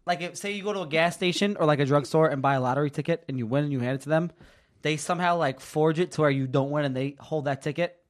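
A man chatting excitably as a podcast guest, often talking over the others. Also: fairly high pitch, quick pace. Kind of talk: casual chat.

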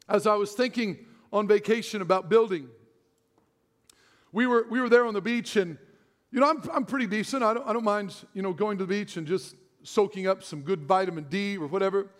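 A middle-aged male pastor with a high voice preaches a sermon fairly quickly in a large church hall with long reverb. He tells self-deprecating stories and laughs often.

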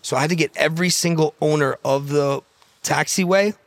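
A man telling a story in a casual, profane, fast-talking way, often quoting what others said. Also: on the high side, no echo. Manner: profane, fast-talking anecdote with quoted dialogue.

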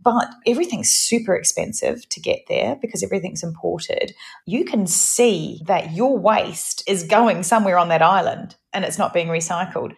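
A middle-aged woman from New Zealand with a softened Kiwi accent, co-hosting a podcast in a lively, laughing storytelling manner. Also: on the low side, normal speed, gravelly. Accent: New Zealand, partly anglicised. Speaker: podcast co-host. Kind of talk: casual chat.

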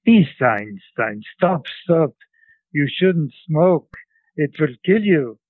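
A man voicing an insistent tiny old grandmother with a strong put-on Central European accent, speaking slowly and emphatically. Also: fairly high pitch, big pitch swings, no echo, voice pushed up, full character voice. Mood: pleading. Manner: scolding, slow and emphatic. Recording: phone-like line.

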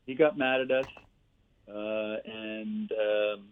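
A man's voice: on the low side, takes it slowly, clear, resonant tone. Man telling hockey stories over phone. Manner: animated anecdotes with laughs and "eh" tags. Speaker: guest, former player and coach. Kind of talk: storytelling interview. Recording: tinny phone-like line.

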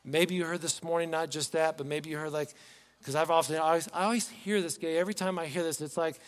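A man's voice: fairly high pitch, fast talker, big-room sound. A male pastor preaching a sermon in a conversational, storytelling way, often asking the congregation rhetorical questions. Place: church sanctuary.

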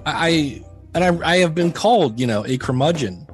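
A man's voice: on the high side, expressive, fairly quick, soft background music. A middle-aged man talking candidly as a podcast guest, telling stories in a self-deprecating way with many restarts. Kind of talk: casual interview chat.

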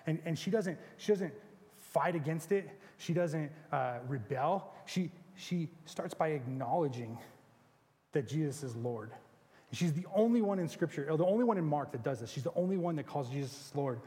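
A young adult man giving a conversational sermon in a casual, animated way. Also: fairly high pitch, normal speed, long reverb tail. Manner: conversational, animated retelling with acted quotes. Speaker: preacher.

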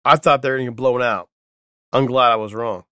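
A man co-hosting a sports podcast, opening the talk in a measured, wry way. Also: mid-range voice, fairly even intonation, fairly bright tone, smooth, no echo, clean studio sound. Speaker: podcast co-host. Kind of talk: casual sports chat.

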